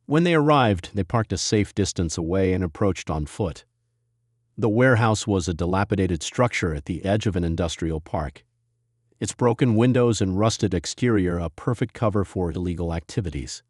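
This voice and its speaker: A man narrating a scripted drama story in an even, measured way. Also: low-pitched, no room sound, clean studio sound.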